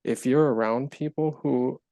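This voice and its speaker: A man's voice: mid-range voice, a little slow, warm tone, dry recording. A man co-hosting a casual podcast, easygoing and upbeat, acting out little quotes as he talks. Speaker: podcast co-host.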